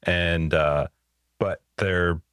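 A man's voice: low voice, steady tone, very slow, fairly bright tone, clean tone, dry recording. A man in his thirties co-hosting a podcast, talking in an upbeat, rambling way into a studio headset. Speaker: podcast co-host. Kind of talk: casual chat.

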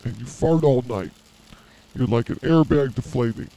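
A man's voice: medium pitch, moderate pace, gravelly, dark tone. A man in his fifties co-hosting a casual comedy podcast, trading crude, joking banter. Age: 50s. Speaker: podcast co-host.

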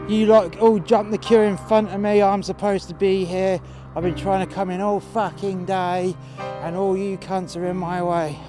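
A man's voice: flat delivery, normal speed, over music, lightly acted. A man voicing an abusive, screeching woman customer who rants and swears. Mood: ranting. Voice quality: shrill, screeching. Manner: ranting, swearing, demanding.

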